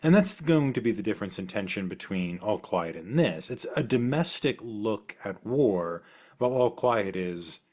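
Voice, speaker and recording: A man co-hosting a film discussion with a lowish voice that rises and falls with lively expression. He talks through his points in a thoughtful, measured way. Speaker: podcast co-host.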